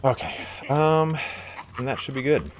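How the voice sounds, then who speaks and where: A man's voice: mid-range voice, very animated, unhurried. A man hosting a gaming video, giving loose, rambling let's-play commentary, swearing freely and chuckling often. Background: faint game music.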